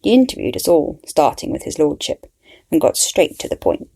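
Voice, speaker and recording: A woman's voice: low voice, big pitch swings, moderate pace, creaky, mellow, husky. A woman narrating a story in the first person with a wry, dry manner.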